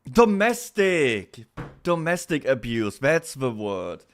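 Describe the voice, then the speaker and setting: A man's voice: mid-range voice, very animated, unhurried, faint music behind. A young man with a German accent, chatting casually as a streamer, often breaking into laughter. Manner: laughs often, reacts loudly to chat.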